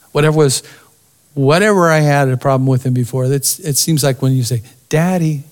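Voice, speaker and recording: A man preaching a sermon as pastor, expressive, dropping to a near-whisper for emphasis. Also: medium pitch, normal speed.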